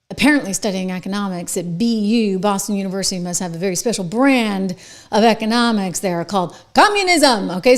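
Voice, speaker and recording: A woman's voice: a little high, darkish tone. A middle-aged woman hosting a political commentary monologue, sarcastic and mocking.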